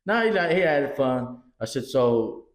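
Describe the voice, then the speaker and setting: Animated, swearing middle-aged man storyteller. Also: mid-range voice, a little slow. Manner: animated storyteller, swears often, acts out quotes. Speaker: podcast co-host. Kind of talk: casual chat, storytelling. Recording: roomy echo.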